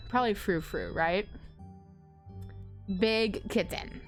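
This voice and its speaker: A woman's voice: mid-range voice, expressive, takes it slowly, long pauses. A young woman streaming a story game, chatting casually and giggling as she reads chat aloud. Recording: faint music behind.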